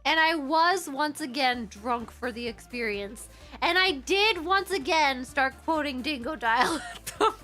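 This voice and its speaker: A woman's voice: high-pitched, a little slow, faint music behind. A young woman streamer telling stories in a casual chat, giggling often. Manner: giggly, animated, breaks into laughter.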